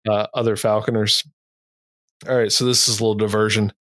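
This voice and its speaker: This is a man cohosting a podcast who talks in a low, easygoing register. He rambles through a story in a casual way and laughs at his own tales. The sound is close and dry, with no room around it. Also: flat delivery, brisk, fairly bright tone, no echo.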